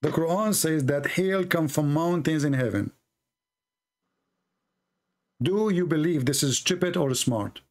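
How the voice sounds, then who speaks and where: A man runs a heated debate, repeating his questions and needling the other side with sarcasm. His voice sits a bit high and has a gravelly, fried edge. His English carries non-native grammar. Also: moderate pace. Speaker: debate host. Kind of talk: confrontational debate call.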